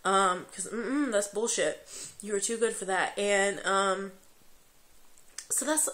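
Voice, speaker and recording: A woman's voice: medium pitch, a bit bright. Tearful young woman, rambling and profane. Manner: rambling, profane, halting with many fillers. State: tearful, crying. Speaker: vlogger. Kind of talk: emotional confessional vlog. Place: at home, late at night.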